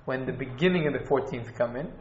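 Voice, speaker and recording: A man teaching an informal class on Jewish law, halting and restarting as he explains. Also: medium pitch, background noise. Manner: halting, restarts, Hebrew and Yiddish terms. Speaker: Torah teacher. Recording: echoey, dull room recording.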